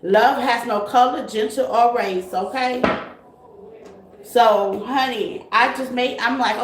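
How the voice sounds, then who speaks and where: Slow-talking woman streaming live in an echoey room. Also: on the high side. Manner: warm greetings to viewers, affectionate terms like baby and honey. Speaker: tarot reader hosting a live stream. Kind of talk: casual live-stream chat. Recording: echoey room, faint noise.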